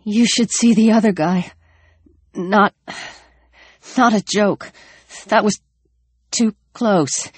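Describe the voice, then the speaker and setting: A woman voicing a wounded, feverish young man who pleads in halting, breathless, stammering bursts. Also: medium pitch, husky, no echo, voice pushed up. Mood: desperate.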